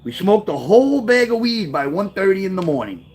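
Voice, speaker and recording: A man reading his own memoir aloud, telling the story with lively, offhand asides. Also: high-pitched, fairly quick. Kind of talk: first-person memoir storytelling.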